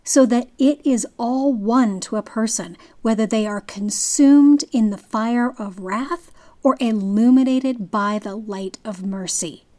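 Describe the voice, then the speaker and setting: A woman giving a scripted narration, reading in a measured, deliberate way. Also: on the high side, dark tone.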